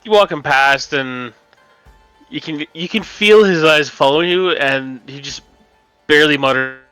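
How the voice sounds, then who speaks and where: A man narrates a tabletop game as its game master, talking quickly and casually. His voice is bright and crisp, recorded dry and close. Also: on the high side, no room sound, soft background music, poor audio.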